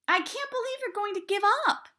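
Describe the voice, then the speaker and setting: A woman reading aloud, voicing a stubborn ten-year-old girl who pleads and insists in a raised, higher voice. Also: expressive, moderate pace. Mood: pleading.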